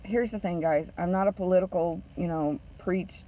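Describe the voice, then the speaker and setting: A woman's voice: on the low side, moderate pace. A woman counselor from Maine, giving blunt advice in a lecturing way and ending her points with a questioning "okay?". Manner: blunt, scolding. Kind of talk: advice talk. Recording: phone-like narrow sound.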